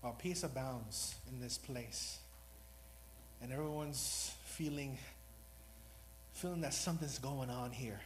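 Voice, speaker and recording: A man's voice: mid-range voice, a little slow, slight background noise, poor audio. A man preaching a sermon in an earnest, rambling, self-deprecating way, new to speaking before this congregation. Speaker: lay preacher.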